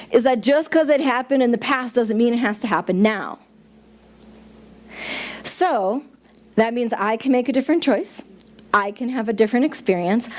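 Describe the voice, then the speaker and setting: A woman's voice: on the high side, a little mellow. A middle-aged woman minister giving a chatty, playful sermon to a congregation, joking along the way. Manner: chatty, playful, laughs at own jokes. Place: church sanctuary.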